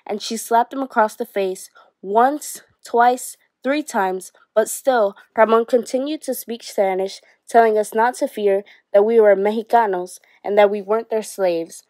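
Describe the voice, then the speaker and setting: A woman teacher reading a novel aloud to her class in a steady storytelling manner. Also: medium pitch, a little slow, no echo.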